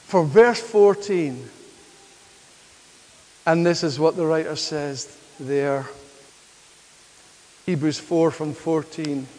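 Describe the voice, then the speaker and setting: A man's voice: a little high, slow pace, pauses often, darkish tone. A man preaching a sermon in church, building to emphatic declarations and drawing answers from the congregation. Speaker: pastor. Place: church hall. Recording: reverberant church hall.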